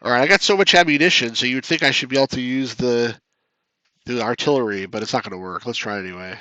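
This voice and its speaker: A man's voice: medium pitch, fast, sharp tone, dry recording. A man casually commenting as he plays a retro strategy game live, chatting with viewers and joking about his losses. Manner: chatty, reads chat aloud, jokes at his own losses.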